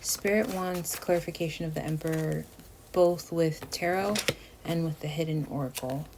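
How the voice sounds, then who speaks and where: A woman with a low-pitched voice talks her viewers through a tarot reading. She is chatty and emotive, and often drops to a near whisper. A steady background noise sits under the recording. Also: normal speed. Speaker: tarot reader. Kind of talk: casual tarot reading to camera.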